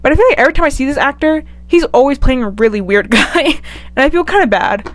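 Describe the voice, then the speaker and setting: A woman's voice: high-pitched, quick pace, no room sound. Chatty woman vlogger, dry sound. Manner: chatty, animated, expressive. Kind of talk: casual tier-list commentary.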